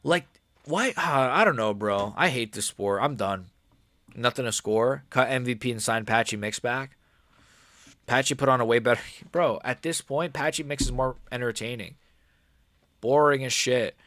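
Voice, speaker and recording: Young male streamer, rambling frustrated fight reactions, dry close mic, mid pitch. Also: normal speed, a bit bright, dry recording. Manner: frustrated, profane, rambling with many fillers. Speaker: livestreamer watching a fight. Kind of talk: casual live-stream reaction commentary.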